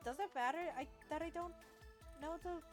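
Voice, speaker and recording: A woman's voice: sits high, fairly quick, soft background music. A woman hosting a gaming video, reading a text adventure aloud with playful, chatty commentary and the odd stumble. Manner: playful, chatty, says "lol" aloud, stumbles over words while reading.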